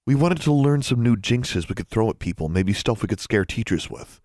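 A man doing a furtive hushed teenage boy. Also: fairly low pitch, expressive, moderate pace, dry recording, clean studio sound, natural voice. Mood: hushed confiding. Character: nervous teenage boy confiding in a hush. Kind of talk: audiobook character voice.

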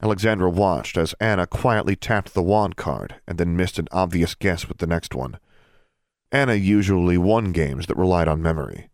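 A man reading an audiobook in steady, measured narration. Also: low voice, no room sound, studio quality. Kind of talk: scripted narration.

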